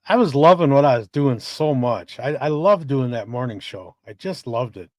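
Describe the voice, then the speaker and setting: Reading chat messages aloud on a relaxed live stream, this male co-host swears freely and keeps things laid-back. His mid-range voice has lively intonation and a moderate pace, with clean studio sound and no echo.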